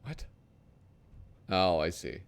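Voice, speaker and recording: A man commenting casually as he flips through a magazine. His voice sits low but moves up and down a lot. He swears now and then and drifts into mumbled asides. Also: animated, takes it slowly, smooth. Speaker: host.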